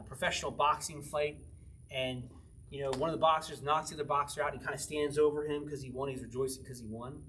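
Conversational male preacher, fairly high voice, verse-by-verse Bible teaching, reads scripture slowly, chuckles often. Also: a bit bright, recorded from a distance, a little hiss or hum. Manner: conversational, laughs often, slows to read scripture aloud. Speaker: pastor.

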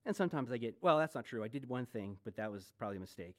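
A man's voice: medium pitch, lively intonation, very fast. A man in his forties preaching a sermon as pastor, conversational, with joking asides and rhetorical questions. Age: 40s.

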